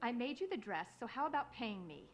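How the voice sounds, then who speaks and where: An actress playing a resentful, scheming female fashion designer in a mystery video game, bitter and threatening, shouting martial-arts cries. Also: on the high side, sing-song, a little fast.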